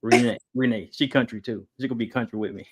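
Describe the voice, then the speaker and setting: Deep-voiced woman hosting. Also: fairly even intonation, quick pace, slightly rough. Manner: folksy, calls herself country talking. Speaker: podcast host. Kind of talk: casual podcast chat.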